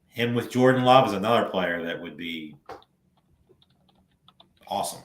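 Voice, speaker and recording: A low-voiced man co-hosts a casual podcast chat, quick to chime in with firm opinions. His voice carries a roomy echo around it. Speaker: podcast co-host.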